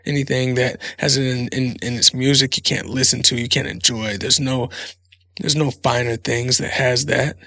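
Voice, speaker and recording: A man's voice: medium pitch, level tone, moderate pace, sharp tone, dry recording, studio quality. A man hosting a podcast, talking in a casual, rambling monologue full of profanity. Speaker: podcast host.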